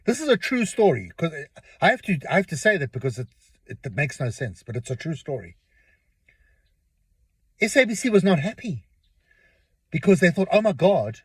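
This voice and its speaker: A middle-aged man talks in a rambling, storytelling way, stumbling over and repeating words. His slightly raised voice has a husky edge and swings up and down a lot. The sound is dry and close, with no room around it. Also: a little high, no echo. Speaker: podcast host. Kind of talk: casual opinion monologue.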